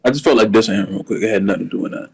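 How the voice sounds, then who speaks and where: A man co-hosting a podcast in casual wrestling chat. He has a slight lisp and rambles excitedly, repeating words when worked up. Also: fairly low pitch, very fast, creaky, breathy edge, poor audio. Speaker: podcast co-host.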